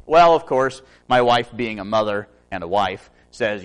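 A man's voice: on the low side, animated, measured pace, few pauses. A man in his early thirties, a preacher, delivering a sermon full of self-mocking stories and humor. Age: 30s.

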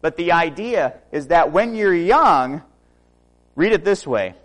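A man's voice: on the high side, very animated, a little slow. A man in his early thirties, a preacher, delivering a sermon full of self-mocking stories and humor. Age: 30s.

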